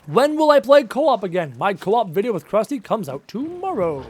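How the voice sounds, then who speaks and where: A Canadian gaming streamer chats casually at normal speed in a high, sing-song, slightly rough voice. He answers his live stream's chat and emphatically repeats himself.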